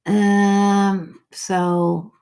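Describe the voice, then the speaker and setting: A woman's voice: mid-range voice, flat delivery, drawn-out words, warm tone, clean tone. A middle-aged woman hosting a casual live chat, rambling and reading viewer comments aloud.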